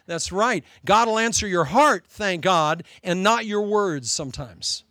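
A man preaching a sermon, switching between animated storytelling and joking asides, calling listeners "loved one.". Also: high-pitched, unhurried, few pauses, dry recording.

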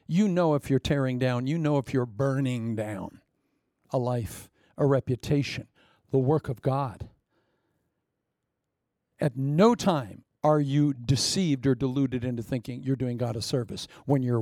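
A man preaching a sermon, animated and humorous, acting out the voices of the people he quotes. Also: mid-range voice, dry recording, clean studio sound. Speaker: pastor.

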